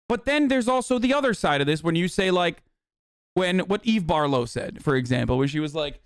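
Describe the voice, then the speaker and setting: A male streamer talks over clips in a fast, swear-heavy ramble. His voice sits somewhat high and sounds close and dry on a desk microphone, with no room sound. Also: animated, no room sound. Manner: fast, profane, rambling reactions. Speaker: streamer host. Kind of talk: live stream commentary.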